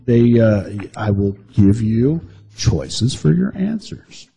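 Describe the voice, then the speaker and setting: A man's voice: fairly low pitch, very animated, slow pace, gravelly, warm tone. A man co-hosting a podcast in casual joking chat, playfully teasing and hamming up his game-show announcements. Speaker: podcast co-host.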